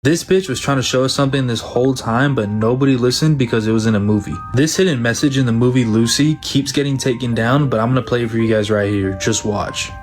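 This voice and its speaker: A man's voice: mid-range voice, fast, hardly any pauses, faint music behind. A man narrating a hyped social media promo, brash and casual, swearing freely.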